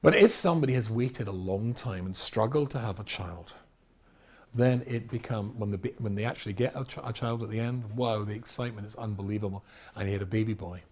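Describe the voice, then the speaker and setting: A man from Scotland, a rabbi giving a storytelling lecture, animated, with loud exclamations and quiet asides. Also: lowish voice, a little fast.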